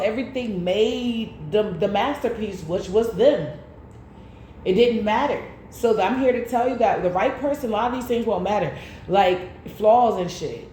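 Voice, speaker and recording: A woman's voice: fairly high pitch, dark tone. A woman tarot reader speaks straight to her viewers in loose, slangy casual chat. She tells the story with lots of animation. The room is echoey, with a faint hiss underneath.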